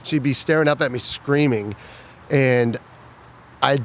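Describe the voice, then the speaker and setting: Man telling stories, mimicking drill shouts. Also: mid-range voice, unhurried. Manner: animated storyteller, mimics shouting drill instructor. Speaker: podcast co-host. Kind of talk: casual chat.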